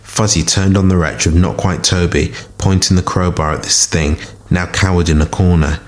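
A man with a very deep voice narrates scripted fiction in a measured, dramatic way. He reads as the storyteller of a podcast tale. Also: fairly even intonation. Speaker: story reader.

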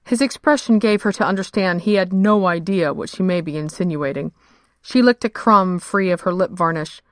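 A woman narrating a fantasy story in a measured, steady storytelling manner. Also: lowish voice, no echo, studio quality. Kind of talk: scripted fiction narration.

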